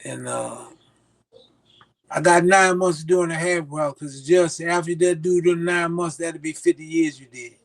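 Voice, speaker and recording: Older man, high voice, lively storyteller. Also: normal speed, vocal fry. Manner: animated, acts out quoted voices. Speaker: interview guest. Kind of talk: storytelling in casual conversation.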